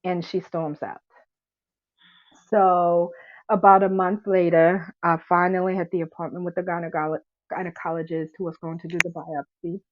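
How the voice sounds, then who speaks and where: A woman's voice: on the low side, level tone, moderate pace, dry recording. A woman telling a personal story as a guest in a conversation, emphatic and replaying what people said. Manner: emphatic, replays dialogue, occasional laughs. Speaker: guest sharing a survivor story. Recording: dull lo-fi sound.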